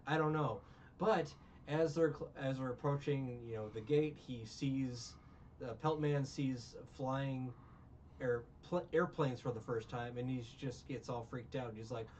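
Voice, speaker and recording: A man's voice: medium pitch, a little slow, a little mellow, slight background noise. Rambling sarcastic man, distant muffled mic. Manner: rambling, sarcastic, with frequent restarts. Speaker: podcast co-host recapping a film. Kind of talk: casual chat.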